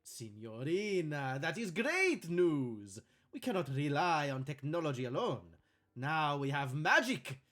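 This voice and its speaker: A man's voice: a little high, very animated, a little slow, a bit bright. A flamboyant hotel host with a thick, put-on Italian accent, voiced by a man. He speaks in grand, mysterious pronouncements. His voice climbs and swoops expressively. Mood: grandiose. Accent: fake Italian. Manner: theatrical, florid pronouncements.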